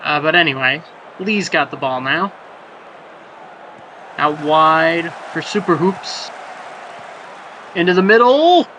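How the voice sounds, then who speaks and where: A man's voice: on the high side, steady tone, slow pace, pauses often, sharp tone, poor audio. A man calling a soccer match play by play, jokey and rambling between plays and surging on chances. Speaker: play-by-play commentator. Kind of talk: sports commentary of a simulated soccer match. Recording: background noise.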